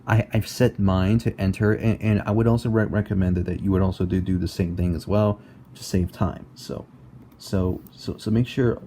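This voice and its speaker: A young man explaining a music game tutorial in a halting way, repeating words and filling with "basically" and "like", recorded on a laptop mic at home. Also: deep voice, steady tone, mellow, a little hiss or hum. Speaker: tutorial maker. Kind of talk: casual screen-recorded tutorial.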